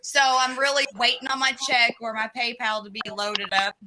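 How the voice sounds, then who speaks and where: A woman's voice: a little high, level tone, normal speed, noisy background. A woman chatting casually and telling a personal story. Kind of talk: casual chat.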